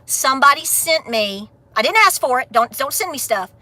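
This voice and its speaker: A woman's voice: sits high, animated, normal speed, pushed and bright. A middle-aged woman, ranting bluntly on a casual livestream, then laughing and affectionate with her viewers. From Appalachia. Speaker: homestead vlogger.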